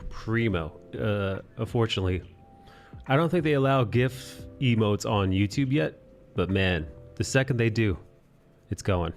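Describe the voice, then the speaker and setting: A man from New York City with a lowish voice hosts a drawing livestream and chats with his viewers. He jokes around and swears freely. Faint music plays underneath. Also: animated, a little slow. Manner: profane, joking, chatty with viewers. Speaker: livestream host. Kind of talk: casual chat while drawing.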